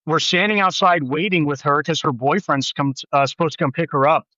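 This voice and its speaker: A man in his thirties, a podcast guest telling a story in casual chat, animated and acting out quoted voices with big pitch jumps. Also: fairly quick, dry recording, muffled recording.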